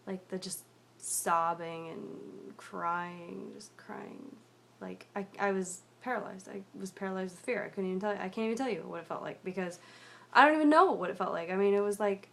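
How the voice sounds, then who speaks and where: A young woman telling a personal story in a video diary, rambling and confessional with many fillers, often dropping to a quiet mutter. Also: medium pitch, steady tone, moderate pace, creaky.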